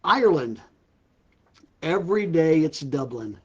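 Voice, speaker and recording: A man's voice: fairly high pitch, very animated, a little slow, breathy edge, highs cut off. An older man hosting a casual live stream for a ministry, telling puns and repeatedly breaking into laughter at his own jokes. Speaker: ministry host. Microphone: live-stream setup.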